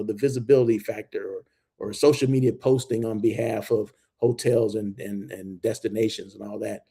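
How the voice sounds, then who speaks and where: A middle-aged man hosting a live-streamed hospitality talk show, animated and emphatic, always checking in with "okay?" and "right?". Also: medium pitch. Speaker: host of a daily hospitality show.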